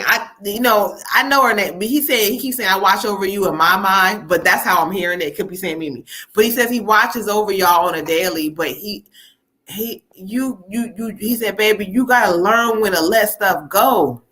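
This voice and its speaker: Chatty bright-voiced woman giving readings. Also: mid-range voice, moderate pace. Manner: chatty, laughs often, relays spirit messages. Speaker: psychic reader hosting a live stream. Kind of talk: live tarot reading.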